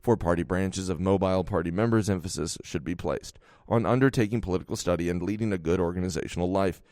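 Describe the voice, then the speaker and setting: Deep-voiced man reading nonfiction aloud. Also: dry recording, studio quality. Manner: steady, measured reading voice. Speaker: audiobook narrator. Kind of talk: scripted nonfiction narration.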